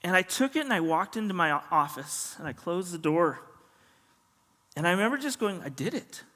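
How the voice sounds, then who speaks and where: Animated man preaching in a hall. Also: sits high, brisk. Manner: animated storyteller, acts out dialogue. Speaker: pastor. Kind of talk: sermon storytelling. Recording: long hall reverb.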